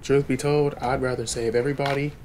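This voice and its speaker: A man's voice: medium pitch, steady tone, fairly quick, a little mellow, slight background noise. A young man hosting a game let's play, chatty and talking straight to his viewers. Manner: chatty, addresses viewers directly. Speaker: gaming channel host.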